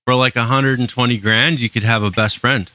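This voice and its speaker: A man's voice: medium pitch, fairly even intonation, a little fast, pushed and bright, no echo. A man co-hosting a podcast, giving dry short replies in casual chat. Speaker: podcast co-host.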